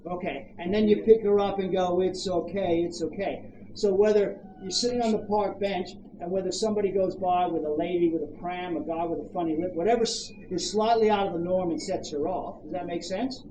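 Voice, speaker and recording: An Australian dog trainer coaching owners outdoors, giving brisk commands and checking in with questions. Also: medium pitch, steady tone, warm tone. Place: outdoors at a campground. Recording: echoey, distant, noisy outdoor ambience.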